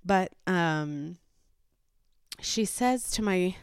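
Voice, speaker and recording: A mother telling a personal story to camera in a casual, animated way, with rambling asides and frequent laughs. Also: fairly low pitch, very slow, clean tone, no echo, studio quality.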